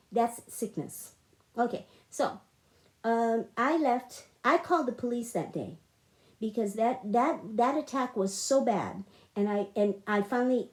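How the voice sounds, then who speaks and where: A woman's voice: fairly high pitch, a little mellow. A middle-aged woman telling a personal story in a monologue, emotional and repetitive, with frequent restarts. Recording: echoey room.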